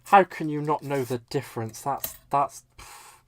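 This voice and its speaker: A man's voice: medium pitch, measured pace, a bit bright. A man from Britain hosting a live crafting stream, chatting casually and laughing at his own mistakes as he works. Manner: chatty, self-deprecating, laughs often. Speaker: crafting livestream host.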